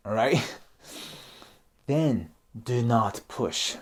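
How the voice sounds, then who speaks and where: Speaking non-native English with a Japanese accent, the YouTuber walks through Japanese customs in a casual lesson, performing example dialogues and checking in with "okay?" and "right?". His mid-range voice is animated and a bit bright, with drawn-out words and long pauses.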